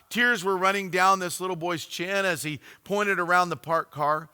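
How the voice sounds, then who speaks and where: Earnest preacher, a bit high-pitched, reverberant hall. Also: male voice, steady tone, bright, forceful tone, clean tone. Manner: earnest storytelling, slows for emphasis. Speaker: pastor. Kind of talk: sermon.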